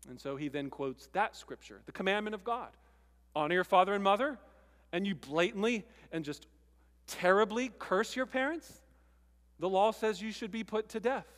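A pastor preaches a sermon in a relaxed, conversational style, leaning hard on key words and pausing for emphasis. His voice sits high, and a long reverb suggests a large church hall.

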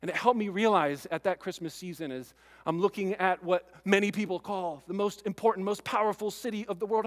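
A male pastor preaching a sermon, earnest and stirring, with relaxed conversational asides to the congregation. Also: high voice, fairly quick, in a large hall.

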